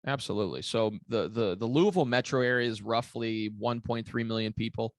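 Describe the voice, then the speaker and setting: A man's voice: mid-range voice, a little fast, no echo, studio quality. A man giving long, rambling interview answers as a commercial real estate broker, with many fillers and restarts. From Kentucky.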